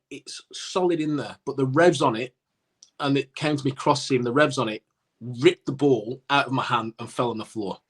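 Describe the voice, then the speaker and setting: A man's voice: mid-range voice, moderate pace, husky. A man telling a cricket anecdote on a casual podcast, acting out what people said. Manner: animated anecdote-telling with acted-out quotes. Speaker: podcast co-host, former cricketer. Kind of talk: casual storytelling.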